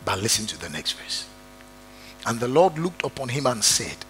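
A man's voice: medium pitch, lively intonation, moderate pace, sharp tone, faint music behind, poor audio. A man preaching a sermon who stresses and repeats key words and speaks straight to his congregation.

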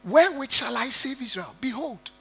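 A man's voice: very high-pitched, lively intonation, normal speed, gravelly, a little hiss or hum, voice pushed up, exaggerated voice. A man voicing Gideon as a humble, anxious man who pleads that he is too weak, in a raised, pleading voice.

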